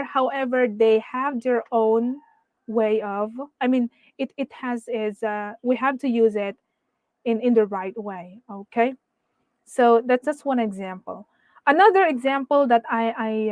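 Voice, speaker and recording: A woman's voice: fairly high pitch, darkish tone, no echo. A woman teaching exam speaking skills in an online webinar, patiently explaining and often checking in with "okay?" and "right?". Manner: tags sentences with "okay?" and "right?". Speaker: IELTS speaking trainer.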